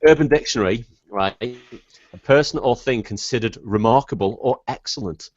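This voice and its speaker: A British man hosting a podcast in casual chat, animated and quick to agree, repeating himself often. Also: medium pitch, no echo. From Britain. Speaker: podcast host. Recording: dull lo-fi podcast audio, dry.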